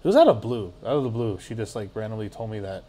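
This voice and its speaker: A man's voice: fairly low pitch, lively intonation, fast, mellow. A man guesting on a podcast, telling a story in a rambling, casual way full of filler words and swearing.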